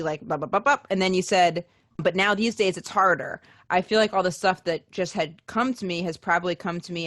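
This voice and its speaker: A woman hosting a casual interview podcast, swearing freely and rambling through animated asides. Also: on the low side. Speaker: podcast host.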